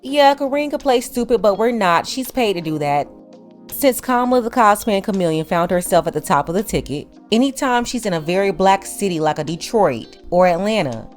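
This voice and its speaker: A woman hosting a political commentary channel, blunt and sarcastic in a scolding tone. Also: mid-range voice.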